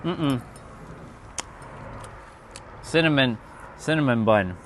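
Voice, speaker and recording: A man's voice: mid-range voice, animated, very slow, a little hiss or hum. A man from North America, chatting casually with viewers on a livestream while making a hot drink. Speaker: livestream host.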